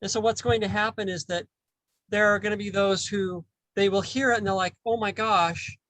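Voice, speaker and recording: Halting, thoughtful man in a dry room. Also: sits high, fairly even intonation, a bit bright, no room sound, rough recording. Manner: halting, repeats words while thinking. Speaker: podcast host. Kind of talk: casual spiritual discussion.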